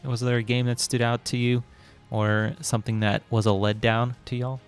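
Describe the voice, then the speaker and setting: Smooth-voiced man hosting a casual cast. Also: medium pitch, moderate pace, soft background music. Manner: relaxed, chatty, laughs easily. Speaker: esports caster hosting the panel. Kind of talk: casual live-stream casting chat.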